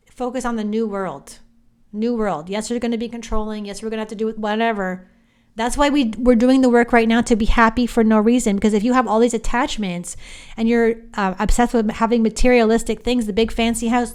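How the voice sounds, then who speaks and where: Chatty woman with a smooth voice. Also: on the high side. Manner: chatty, animated, self-interrupting. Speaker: psychic podcast host. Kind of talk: casual monologue.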